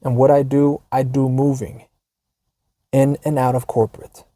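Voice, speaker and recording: A man's voice: mid-range voice, level tone, normal speed, dark tone, dry recording. A man hosting a podcast in a casual monologue, wry and profane, with frequent restarts and quote-unquote asides, speaking with an American accent. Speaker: podcast host. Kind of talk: casual monologue reading a forum post.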